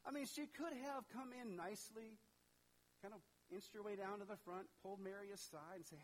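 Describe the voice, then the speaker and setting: A man preaching a sermon in an animated, conversational way, talking straight to his congregation. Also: high voice, fairly quick, rough recording. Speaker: pastor.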